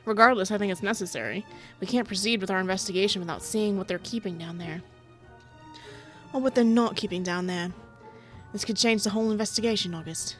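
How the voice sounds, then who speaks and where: A woman's voice: mid-range voice, brisk, soft background music. An American woman reading a visual novel aloud as the main character, with giggly, playful asides. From United States. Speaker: gaming streamer.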